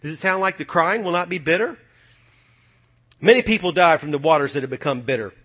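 A man preaching a sermon, swinging from loud, fiery passages to low, muttered asides. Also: brisk.

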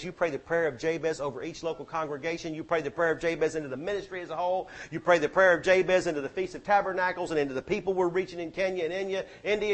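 A man preaching a sermon, exhorting the congregation and rising to loud peaks. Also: on the high side. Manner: exhorting, swings to shouting peaks.

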